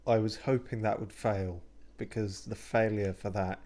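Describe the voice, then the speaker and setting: A man's voice: lowish voice, fairly even intonation, moderate pace, darkish tone. A man chatting casually as he streams a game, often laughing and reading out his choices. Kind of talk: casual let's play commentary.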